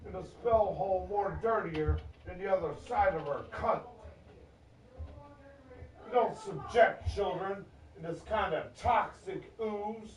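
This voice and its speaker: A man's voice: high voice, slow pace. Agitated man, profane disjointed rant, recorded far off in a roomy space. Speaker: vlogger. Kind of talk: angry rambling rant. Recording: echoey, distant, muffled.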